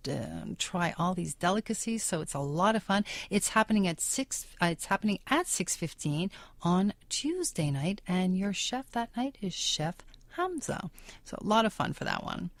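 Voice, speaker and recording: A woman's voice: on the low side, big pitch swings, moderate pace, no echo. A woman hosting a radio show in a studio, chatting in an upbeat, promotional way. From Canada. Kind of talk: casual radio chat.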